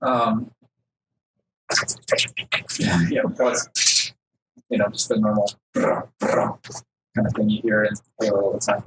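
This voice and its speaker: A man running a tabletop role-playing game as game master, talking with many fillers and pauses. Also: fairly low pitch, little pitch movement, recorded from a distance. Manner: hesitant, lots of fillers. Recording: noisy home recording.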